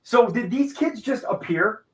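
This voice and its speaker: A man casually discussing a movie on a podcast, with a measured manner and frequent restarts. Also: very high-pitched, expressive, a bit bright. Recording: distant from the mic.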